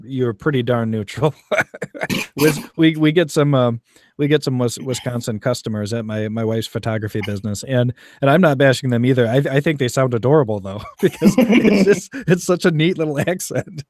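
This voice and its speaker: A man's voice: mid-range voice, normal speed, darkish tone. A man hosting a casual interview over a video call. He chatters easily and laughs often. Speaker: podcast host.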